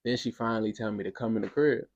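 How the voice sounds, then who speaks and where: A young man from Brooklyn, telling a wild story on a podcast in a casual, profane, animated way. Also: lowish voice, fast talker, highs cut off. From Brooklyn, New York. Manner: animated, profane, acts out voices in quotes.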